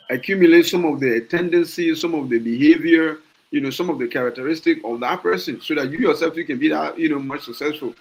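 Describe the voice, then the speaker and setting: This is a Liberian man with a Liberian accent speaking his mind on a casual podcast. His voice sits a little higher than most men's. He gets worked up, circles back over his own words and throws out rhetorical questions. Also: big pitch swings, normal speed, pauses often, low-quality recording. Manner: passionate, repeats words and restarts, asks rhetorical questions. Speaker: podcast host. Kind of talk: casual opinion talk.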